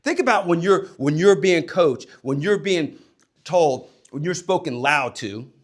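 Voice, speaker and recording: A man with a somewhat high voice gives an emphatic motivational talk to young people. He is a former coach who speaks loud to drive his points home, then drops to a near hush. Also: expressive, measured pace. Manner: emphatic, swings between loud and hushed.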